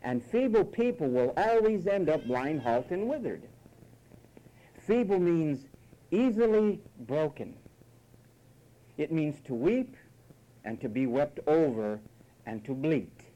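A man's voice: fairly high pitch, lively intonation, takes it slowly, pauses often, warm tone, dull audio. A man preaching a sermon, emphatic and mocking, at times imitating whiny voices.

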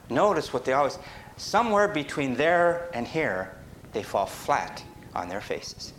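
A man preaching a sermon, rising to emphatic peaks and dropping low, with sudden shifts in pace. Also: slight background noise. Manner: animated, rises to emphatic peaks and drops low.

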